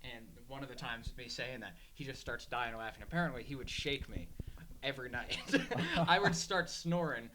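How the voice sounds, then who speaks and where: A man's voice: mid-range voice, moderate pace. A man co-hosting a comedy podcast in casual chat, telling rambling stories and laughing through them. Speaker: podcast co-host. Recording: noisy background.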